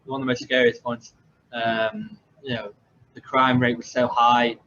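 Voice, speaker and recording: A young man from England who hosts a podcast tells his story casually, his medium-pitched voice flat, sharp-toned and a little slow. He rambles and runs himself down, with frequent fillers and restarts. Faint background noise sits under slightly dull lo-fi audio.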